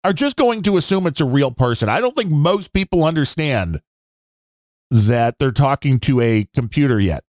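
A man's voice: mid-range voice, very animated, moderate pace, darkish tone, dry recording, studio quality. A man co-hosting a podcast, rambling and grumbling through his opinions in casual chat. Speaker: podcast co-host.

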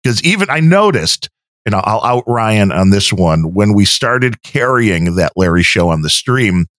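A very animated man with a lowish, fairly bright voice co-hosts and edits a podcast, speaking at normal speed in rambling chat where he often interrupts himself. The studio sound is clean, without room sound.

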